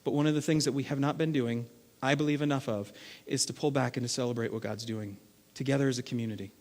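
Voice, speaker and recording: A man preaching a sermon as lead pastor, acting out everyday scenes and swinging between loud bursts and hushed stretches. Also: mid-range voice, fairly even intonation, quick pace. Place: church sanctuary. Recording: long reverb of a large hall.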